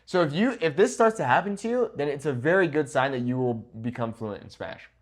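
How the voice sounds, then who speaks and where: Speaking briskly in a medium pitch, this male Spanish teacher addresses the camera in an animated, casual way. He keeps tossing in "okay?" and "right?" to check his listeners are following.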